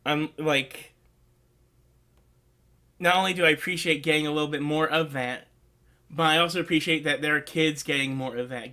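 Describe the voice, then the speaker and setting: A man's voice: fairly high pitch, pushed and bright. A man hosting a casual movie review vlog, rambling and earnest, with lots of "like" and openly emotional asides. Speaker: host.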